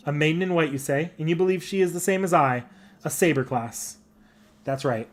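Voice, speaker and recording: A man's voice: a little high, fairly quick, natural voice. Saber, a man putting on a haughty warrior-empress. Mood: theatrical indignation. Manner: theatrical, indignant, flamboyant. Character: proud, dramatic young woman warrior-emperor. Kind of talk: voicing game dialogue aloud.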